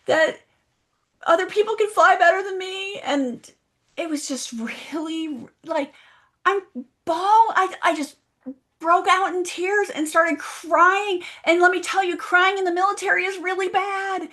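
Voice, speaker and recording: A woman's voice: very high voice, steady tone, takes it slowly, a bit bright. A woman giving a motivational keynote speech, telling a story and asking the audience direct questions. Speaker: motivational speaker. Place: online event, audience in chat.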